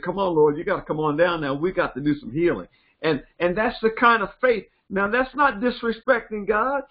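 An older man, a pastor, preaching a sermon with animated storytelling and acting out voices. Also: high voice, lo-fi sound.

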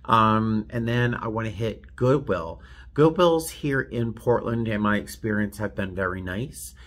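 A man's voice: lowish voice, animated, measured pace, fairly bright tone. A man in a casual vlog, chatting to the camera in a rambling, self-deprecating way from a hotel room. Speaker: flight attendant vlogger.

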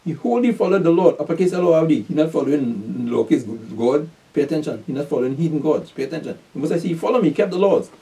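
A man preaching a sermon, reading scripture verses aloud and explaining them, breaking in often to tell listeners to pay attention and rising sharply in pitch and volume to stress points. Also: animated, fast, few pauses, warm tone. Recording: voice from a distance from the mic.

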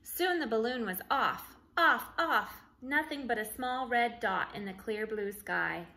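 A woman teacher reading a picture book aloud to young children, with clear and expressive storytelling. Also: fairly high pitch, moderate pace, slight background noise, rough recording. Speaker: early learning teacher.

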